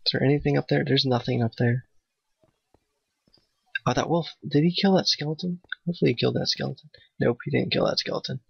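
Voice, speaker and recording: A man giving nervous, excitable let's play commentary, talking to his in-game dog. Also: mid-range voice, fast talker, creaky, long pauses, husky, no room sound. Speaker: gamer playing a Minecraft map. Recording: dull, dry home mic.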